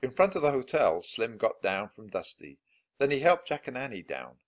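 A man reading a children's chapter book aloud, with clear, expressive narration. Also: medium pitch, moderate pace. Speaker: storybook reader.

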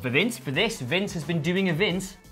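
A man with a slightly high voice hosts wrestling news in a chatty, joking way, often laughing. Faint music plays underneath. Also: animated, normal speed, a bit bright. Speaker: news show co-host. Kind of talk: casual chat.

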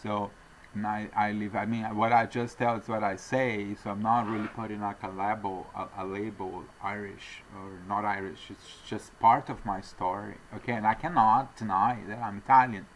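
A man from Argentina, a traveling salesman, telling stories in a casual interview with halting, rambling speech full of restarts. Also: on the low side, level tone, a little hiss or hum. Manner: acts out quoted voices.

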